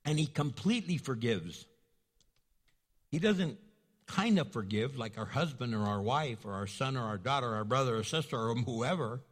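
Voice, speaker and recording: A man's voice: mid-range voice, animated, moderate pace, slightly rough. A man preaching a sermon as pastor, emphatic and repetitive, acting out little asides for the congregation. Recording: long hall reverb.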